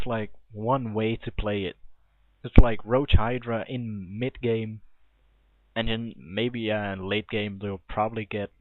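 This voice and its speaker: A man commentates a strategy game replay on his own, weighing each decision out loud and restarting his sentences as he goes. The sound is thin and phone-like, with no room around it. His pitch sits in the ordinary middle for a man. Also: dry recording. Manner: opinionated, thinks aloud with restarts. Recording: tinny lo-fi mic, dry.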